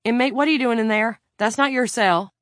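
Stern female prison guard shouting commands, loud and raised, read by a low-voiced woman narrator. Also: a little fast, no echo, studio quality, close to an everyday voice. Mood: commanding. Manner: barking orders.

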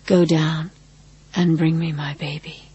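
A woman voicing a strange, patient madwoman with a sweetly husky voice and slow, solemn speech. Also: sits low, little pitch movement, warm tone, muffled recording, heavily acted. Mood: commanding.

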